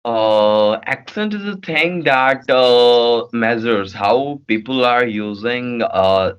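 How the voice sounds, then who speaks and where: A man's voice: medium pitch, takes it slowly, a bit bright, clean tone, highs cut off. A man from Bihar with an Indian accent, answering interview questions in a hesitant way with many fillers. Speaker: guest.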